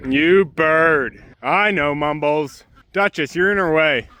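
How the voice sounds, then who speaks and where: Bright-voiced homesteader man coaxing his birds. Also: fairly high pitch, takes it slowly, a little hiss or hum. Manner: coaxing, sing-song talk to his birds and dog, then plain how-to explaining. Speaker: homesteader and channel host. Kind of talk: casual homestead vlog with talk to animals and explanations.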